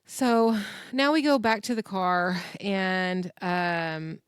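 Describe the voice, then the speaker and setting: A woman's voice: medium pitch, slow, clean tone, dry recording. Chatty woman recapping TV in a dry room. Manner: chatty, filler-heavy, acts out quotes. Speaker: podcast host. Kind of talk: casual TV recap chat.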